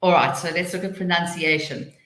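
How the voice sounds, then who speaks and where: A woman runs a live teacher-training webinar in a chatty, hurried way, sometimes laughing at herself. Her voice sits a little low. The sound is echoey, as if from a bare room. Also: fairly bright tone. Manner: chatty, rushing then slowing down, laughing asides. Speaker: TEFL trainer hosting a webinar.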